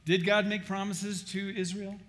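A man preaching a sermon in a somewhat high voice. He talks emphatically, stumbles and repeats words as he restarts his sentences, and sounds like a pastor teaching his church. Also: flat delivery, moderate pace, a bit bright.

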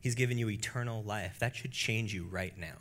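Preaching briskly, this male pastor has a bright voice with crisp edges. His sermon swings between quiet, low-pitched stretches and loud, high-pitched outbursts, all while remaining animated and engaging the congregation head-on.

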